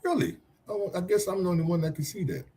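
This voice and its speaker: A man's voice: high-pitched, quick pace, warm tone, breathy edge. A man hosting a podcast, chatting loosely, teasing and laughing often. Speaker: podcast host. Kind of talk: casual talk show chat.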